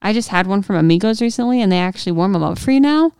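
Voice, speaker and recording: Young woman co-host, giggly and rambling, smooth clear voice, dry close sound. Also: medium pitch, expressive, racing, a little mellow, no echo. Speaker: podcast co-host. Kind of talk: casual chat.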